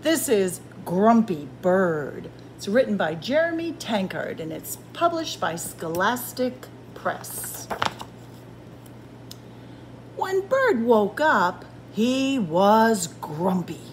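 A woman, a children's librarian, reading a picture book aloud to children with slow, expressive storytelling. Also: medium pitch, a little hiss or hum.

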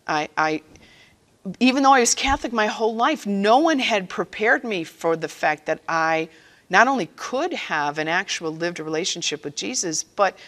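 Speaking to catechists in training, this woman has a fairly low pitch and a bright, forceful tone. Her personal faith-sharing talk is earnest and conversational, and she acts out quotes as she goes.

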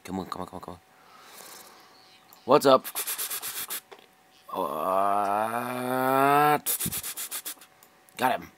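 A young man provides live, casual commentary over a flight combat game, frustrated and muttering and swearing at enemies. His voice is on the low side and a bit bright, expressive but very slow, with long pauses. There's slight background noise.

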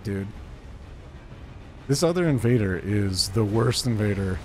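A man's voice: fairly low pitch, moderate pace, darkish tone, slight background noise. A man streaming an online game and talking through it live, playful and joking. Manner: playful and joking, with bursts of laughter and silly sounds. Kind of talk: live gameplay commentary.

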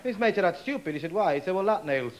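A man's voice: sits high, lively intonation, fast talker, heavy background noise. A male comedian telling jokes in a chatty, chuckling manner. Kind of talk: stand-up joke telling.

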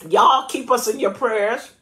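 A woman's voice: fairly high pitch, reverberant. Laughing woman pastor preaching. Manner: lively, laughing often, emphatic preaching. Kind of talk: sermon and prayer.

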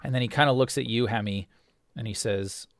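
A man narrating as game master of a tabletop game, halting with frequent restarts. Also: medium pitch, no room sound.

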